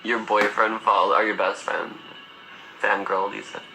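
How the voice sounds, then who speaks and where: A young man in his twenties talks on a phone livestream in a campy, sassy way, his voice sharp and very bright. The room is echoey, with faint music playing behind him. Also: on the low side, level tone, measured pace, gravelly. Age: 20s. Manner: sassy, campy storytelling, swears freely, laughs often. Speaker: livestream host. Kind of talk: casual livestream chat.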